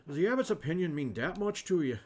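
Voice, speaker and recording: A man's voice: sing-song, a little hiss or hum. A man voicing a pompous, cocky young lawyer who is also a monk, in a raised, theatrical voice. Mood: chummy. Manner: theatrical, raised pitch, loud and quick.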